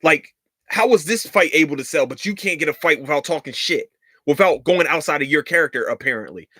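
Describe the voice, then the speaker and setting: A man's voice: a little high, expressive, fairly quick, bright, forceful tone, no echo, studio quality. A man hosting a podcast, ranting in a heated, profane and sarcastic way, repeating lines for emphasis. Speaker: podcast host. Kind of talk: casual rant.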